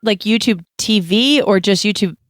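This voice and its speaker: A young adult woman chatting as a podcast co-host, rambling along with false starts and a touch of nerves. Her voice sits at a middle pitch. The sound is close and dry. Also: moderate pace, no room sound. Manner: chatty, nervous, rambling with restarts. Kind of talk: casual chat.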